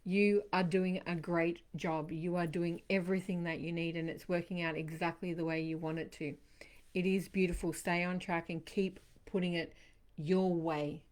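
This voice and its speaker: A woman hosts a live-streamed tarot reading, speaking to her viewers by name. Her voice sits a little low, and she talks in a chatty, reassuring way as she passes on messages from the cards. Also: flat delivery, normal speed, a little mellow. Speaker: tarot reader.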